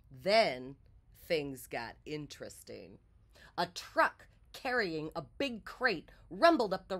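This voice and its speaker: A woman with a mid-range voice reads a children's picture book aloud, telling the story expressively.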